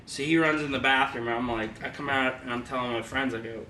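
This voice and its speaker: A man's voice: medium pitch, fairly even intonation, fast, few pauses, bright, forceful tone. A young man, co-host of a casual podcast, telling a long embarrassing story and laughing often. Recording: echoey room, far mic, background noise.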